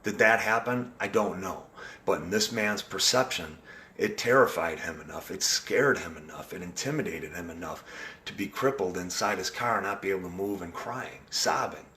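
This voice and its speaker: A man's voice: deep voice, moderate pace, bright, forceful tone, a little hiss or hum. A man hosting a casual live video chat, talking in an earnest, rambling way with frequent restarts. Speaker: live-stream host.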